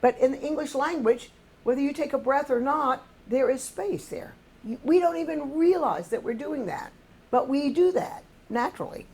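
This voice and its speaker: A woman's voice: sits high, lively intonation, moderate pace, a little mellow. An older woman, a choir music director, patiently explaining musical phrasing to a singing class and humming short examples.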